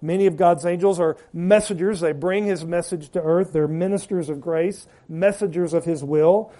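A man delivers a sermon with a high-pitched but warm, dark-toned voice. He leans hard into repeated words for emphasis, then lets his phrase endings sink low and quiet. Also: normal speed. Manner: preaching with rising emphasis and trailing drops at phrase ends. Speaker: pastor.

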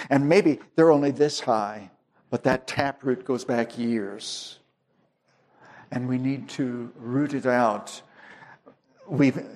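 A male pastor delivering a sermon at an unhurried, measured pace. His voice sits in an ordinary middle register, and he works through his points with plain everyday illustrations, sometimes stopping and restarting a phrase before pressing on. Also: mid-range voice. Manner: slow, deliberate preaching with homely illustrations and restarts.

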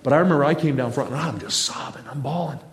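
A man's voice: a little high, fast. A man preaching a sermon in a church, telling stories in a folksy, humorous way with asides to the congregation. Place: church sanctuary. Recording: echoey church room.

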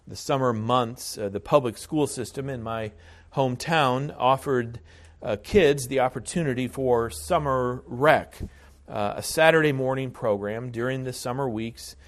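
Slow, deliberate male pastor preaching. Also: medium pitch. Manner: measured, deliberate, frequent hesitations. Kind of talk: sermon.

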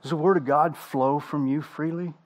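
A middle-aged man, a pastor, preaching a sermon with emphatic delivery, slow dramatic pauses and rhetorical questions. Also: on the high side, fairly even intonation.

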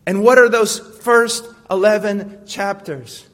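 A man preaches a sermon with a fairly high voice. He swings from hushed tones to loud, fervent ones and keeps asking his listeners questions. His voice rings through a hall with a long reverb. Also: fairly even intonation, slow pace.

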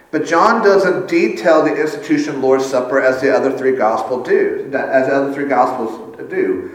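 A man preaching a sermon at a church communion service, earnest and building in intensity, with light self-deprecating asides. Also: fairly high pitch. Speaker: pastor. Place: church sanctuary. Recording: echoey church hall.

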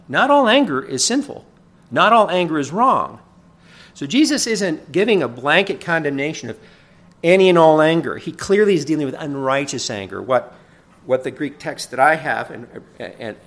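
A pastor delivering a sermon in a conversational teaching manner. He often asks "right?", rises loud for emphasis and then drops soft. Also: a little high.

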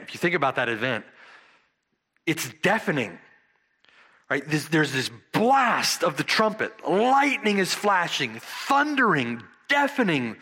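A man preaching an expository sermon, stressing key words slowly and dramatically and asking his listeners "right?". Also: fairly high pitch, sharp tone. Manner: asks the congregation rhetorical "right?".

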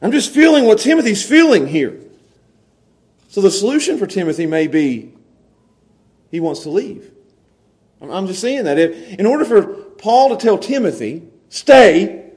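A man preaching to his congregation in a noticeably high voice. He is emphatic and stumbles over repeated words as he urges his listeners. His quoted voices climb even higher. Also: normal speed. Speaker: pastor. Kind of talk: sermon.

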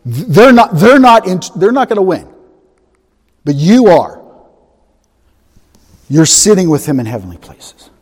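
A pastor preaching with animated emphasis, swinging from loud outbursts to soft asides. His voice sits fairly high for a man. A long hall reverb follows his words. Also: measured pace, pauses often, husky. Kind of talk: sermon.

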